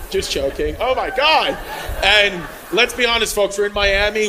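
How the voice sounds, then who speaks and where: A man doing a stand-up set in a comedy club, riffing loudly with the crowd and working the room. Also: sits high. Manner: loud, riffing, crowd work. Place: comedy club with live audience. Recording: live club recording with crowd noise.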